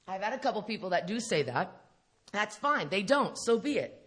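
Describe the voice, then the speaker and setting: A woman's voice: mid-range voice, sing-song, normal speed, fairly bright tone, husky. A middle-aged woman telling her story to a recovery meeting, blunt and profane, laughing often as she talks. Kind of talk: candid storytelling talk to an audience. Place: live speaking event.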